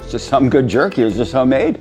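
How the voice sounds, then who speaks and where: An actor playing an indifferent male police officer who delivers his lines in a deadpan, nonchalant way. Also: medium pitch, fast talker, music in the background, lightly acted. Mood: flat.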